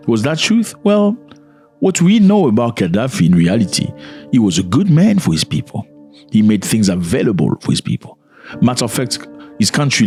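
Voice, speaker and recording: A man's voice: fairly low pitch, a little mellow. A man giving casual video commentary, speaking conversationally and often putting questions to the viewer.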